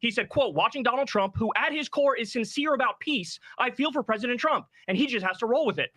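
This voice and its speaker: A man's voice: very high voice, lively intonation, sharp tone. A man pressing his case in a heated political panel debate, insistent and reading out quotes. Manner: rapid, insistent, reads out quotes.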